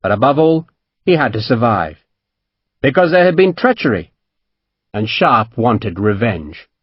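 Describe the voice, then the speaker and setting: A man narrating an audiobook in an expressive storytelling manner. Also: mid-range voice, a little slow, slightly rough, dry recording, highs cut off. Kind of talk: scripted narration.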